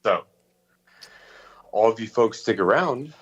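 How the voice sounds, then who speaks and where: A man's voice: fairly low pitch, expressive, slow, slightly rough. A man calling in to a stream, joking in a laid-back way. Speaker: caller on a voice call. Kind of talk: casual chat. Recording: dull voice-call audio.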